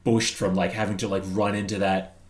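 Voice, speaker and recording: A man playing a tabletop game, describing his character's moves haltingly with many fillers. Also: on the low side, little pitch movement. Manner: hesitant, full of ums and likes. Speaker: player.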